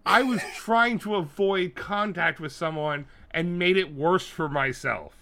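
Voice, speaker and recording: A man's voice: high-pitched, measured pace, pushed and bright. A man co-hosting a podcast, chatting casually, rambling through stories and swearing freely. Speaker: podcast co-host. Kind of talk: casual chat.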